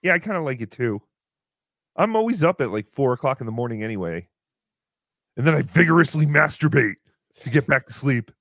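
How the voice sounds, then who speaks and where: A man voicing a brash, crude male turkey puppet as host of a comedy stream, in a squeaky, excitable voice. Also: fairly quick, pauses often, dry recording, clean studio sound. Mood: excited. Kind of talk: live comedy stream banter.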